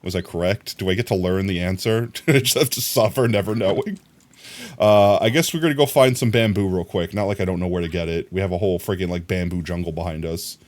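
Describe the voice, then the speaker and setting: A man's voice: deep voice, fast, darkish tone. A man streaming a video game, rambling to himself and his chat with frequent laughter. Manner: rambling, self-talking, laughs often; chatting to viewers. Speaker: livestreamer. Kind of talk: casual gameplay commentary.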